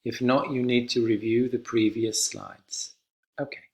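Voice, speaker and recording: A man teaching a basic English grammar lesson, speaking slowly and clearly and repeating examples for learners. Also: medium pitch. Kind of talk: classroom lesson.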